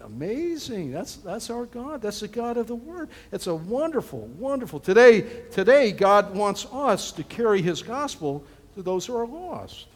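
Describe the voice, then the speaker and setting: A man preaching from the pulpit, his voice sitting high for a man. He is animated and folksy and slips into quick acted asides. The sound carries a long reverb from a large church hall. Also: slightly rough. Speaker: pastor. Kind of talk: sermon.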